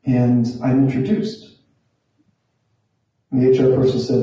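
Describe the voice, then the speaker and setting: A man's voice: mid-range voice, sing-song, moderate pace, warm tone. A man in his forties telling a wry, self-deprecating stand-up story in a conversational way on a small stage. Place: small theatre room. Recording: very echoey room, from a distance.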